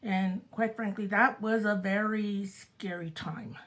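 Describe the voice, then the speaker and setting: A woman's voice: mid-range voice, steady tone, slow pace, a bit bright, poor audio. An older woman casually retelling a spooky true story from her own family, chatty and dramatic. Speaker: storyteller host. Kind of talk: casual spoken ghost story.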